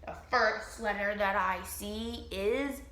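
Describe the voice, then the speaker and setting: A woman librarian with a New Orleans accent reading to children in a slow, animated, encouraging way. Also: medium pitch. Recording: roomy echo.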